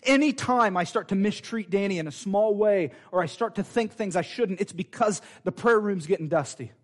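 A man preaching a sermon in a fervent, conversational way, with quick asides to the congregation. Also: high-pitched.

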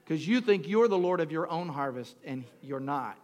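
A male pastor preaching a sermon, talking straight to the congregation, calling for responses and moving between quiet storytelling and shouted preaching. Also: a little high, expressive, moderate pace. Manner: talks directly to the congregation, asks for responses.

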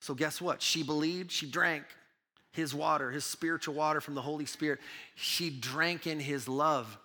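A man preaching a sermon as pastor, swinging between loud urgent preaching and hushed, intimate asides. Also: on the high side, moderate pace, big-room sound.

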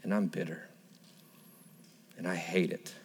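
A man voicing Naomi, a grieving, bitter older woman, in a low, heavy, despairing tone during a sermon. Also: fairly even intonation, measured pace, slightly rough, big-room sound, full character voice.

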